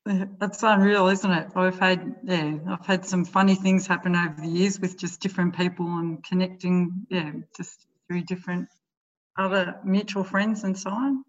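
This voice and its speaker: A woman's voice: fairly low pitch, steady tone, normal speed. Laughing Australian woman, muffled sound. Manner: laughs often, warm and self-deprecating. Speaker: guest. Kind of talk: casual conversation.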